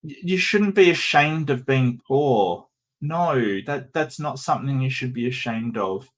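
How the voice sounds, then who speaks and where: A man's voice: medium pitch, lively intonation, measured pace. A man with an Australian accent hosting a casual livestream, chatting and joking with viewers and often stammering and restarting. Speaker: streamer host.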